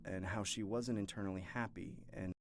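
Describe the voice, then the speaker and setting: A man reading scary stories aloud in first person at a steady pace, with a few asides of his own. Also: sits low, normal speed, gravelly. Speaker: horror story narrator. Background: faint music.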